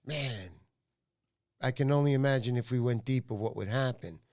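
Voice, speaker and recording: A man's voice: medium pitch, normal speed, darkish tone. A man hosting a casual fishing livestream, chatting with a guest and telling rambling stories full of quoted voices. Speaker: livestream host. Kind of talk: casual chat.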